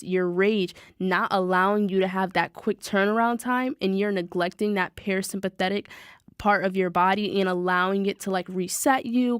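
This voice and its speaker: Podcast host: young woman, lively and talkative, dry close sound, mid pitch. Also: clear, resonant tone, no room sound. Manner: animated, chatty, repeats phrases, addresses listeners as "y'all". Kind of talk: casual motivational monologue.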